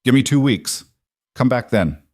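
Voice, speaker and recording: A man's voice: mid-range voice, lively intonation, unhurried, dry recording, clean studio sound, pitched above the performer's own voice. A man voicing a proud German blacksmith who speaks briefly and matter-of-factly, with a German accent.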